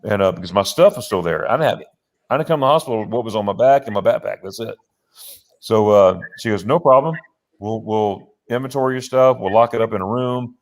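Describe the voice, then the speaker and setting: A man's voice: lowish voice, brisk. A man hosting a casual live show, telling a long rambling story with many restarts from his home office on a laptop. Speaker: host.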